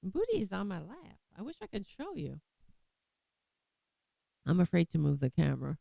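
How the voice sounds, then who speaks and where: A woman's voice: lowish voice, wildly swooping pitch, moderate pace, gravelly, dark tone, no echo. An American woman hosting a political commentary vlog, talking in a sarcastic, mocking and rambling way. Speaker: host.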